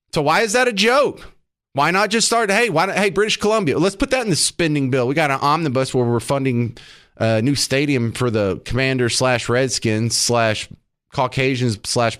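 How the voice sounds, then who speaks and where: A man's voice: mid-range voice, a bit bright. A middle-aged man hosting talk radio from a studio, ranting sarcastically in a monologue full of rhetorical questions. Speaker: radio talk show host.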